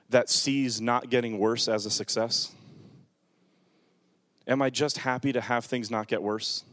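A man preaching a sermon in a church with a handheld microphone, moving between quiet, reflective passages and loud, fervent calls to his congregation. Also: medium pitch, no echo, clean studio sound. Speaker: pastor. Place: church sanctuary.

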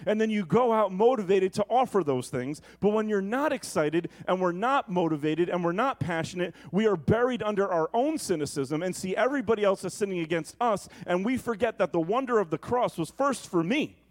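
A male pastor preaching a sermon in a conversational way, with comic asides. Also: high voice.

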